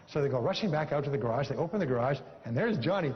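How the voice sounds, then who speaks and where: A man with a fairly high voice gives a motivational seminar speech and drives his points home with emphatic repetition. He tells a story to the room. The recording is dull and lo-fi, with a long reverb from the hall. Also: lively intonation, racing, hardly any pauses, a little hiss or hum. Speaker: motivational speaker.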